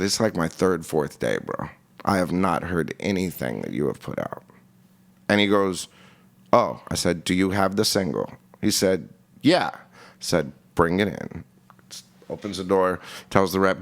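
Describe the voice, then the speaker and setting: A man's voice: sits low, lively intonation, moderate pace, creaky. A man and former radio program director, telling a story bluntly and casually with lots of swearing, acting out the dialogue. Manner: blunt, profane, acts out dialogue.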